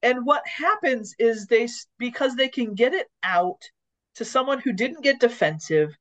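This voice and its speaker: A woman's voice: on the high side, normal speed. A woman co-hosting a casual podcast conversation on leadership, telling stories and acting out what people said. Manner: animated storyteller who acts out quoted lines. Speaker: podcast co-host. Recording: dull lo-fi audio.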